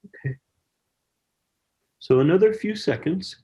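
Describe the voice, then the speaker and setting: A man's voice: sits high, animated, unhurried, warm tone, slight background noise. A man leading an online science workshop over a video call, encouraging participants and reading chat messages aloud.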